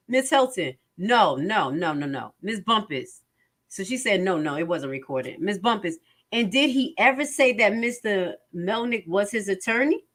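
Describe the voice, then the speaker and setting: A woman's voice: medium pitch, lively intonation, measured pace. A woman reading court transcripts aloud and commenting on them emphatically, often asking her viewers questions. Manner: emphatic, repeats phrases, asks viewers questions.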